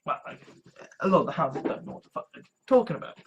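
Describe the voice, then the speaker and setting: High-voiced swearing man. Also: sing-song, fast, gravelly, dull audio, slight background noise. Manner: heavy swearing, exasperated rants. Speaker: vlogger. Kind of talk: ranting monologue.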